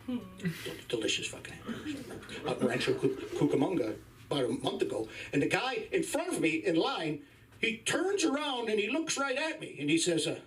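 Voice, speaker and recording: A man's voice: high voice, very animated, a little fast, fairly bright tone, far from the mic. A man in his fifties doing a crude, wry stand-up comedy set on a club stage. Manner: crude, profane, wry storytelling.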